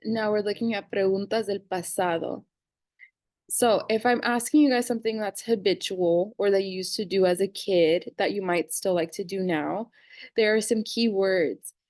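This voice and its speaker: A young woman in her twenties teaching a casual grammar lesson, reading verb forms slowly and clearly. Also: mid-range voice, a little mellow, dry recording. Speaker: Spanish teacher.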